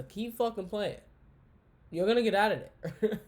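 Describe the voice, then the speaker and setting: A man hosting a casual wrestling recap for a live chat, with slangy, profane, excitable banter. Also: high voice, a little slow, pauses often.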